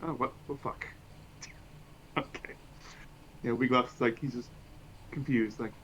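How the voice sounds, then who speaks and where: A man plays a tabletop game, eager and thinking aloud between fillers. His voice sits at a middle pitch. The lo-fi mic sounds dull, with a faint hiss behind it. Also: steady tone, slow, long pauses, fairly bright tone. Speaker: player. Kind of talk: casual tabletop game chat.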